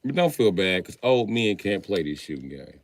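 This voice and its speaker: A man's voice: low voice, sing-song, normal speed. A man in his forties chatting casually on a livestream, answering viewers with profane, slangy, joking banter. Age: 40s.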